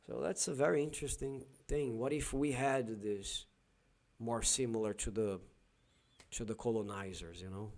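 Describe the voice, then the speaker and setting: A man's voice: medium pitch, moderate pace, gravelly, a little mellow. A Brazilian man with a Brazilian Portuguese accent, a Portuguese teacher hosting a casual live stream and thinking aloud with many fillers and restarts.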